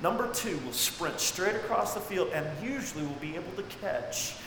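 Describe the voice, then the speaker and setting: A man preaching a sermon, swinging dramatically between near-shouts and hushed, low passages. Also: lively intonation, normal speed. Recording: echoey hall with faint noise.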